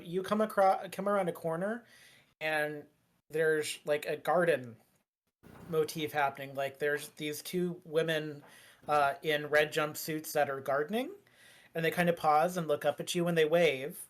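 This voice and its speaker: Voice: medium pitch, moderate pace. Gm narrating a tabletop game, lots of uh and um, restarts, middle voice. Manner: rambling, many fillers and restarts. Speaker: game master.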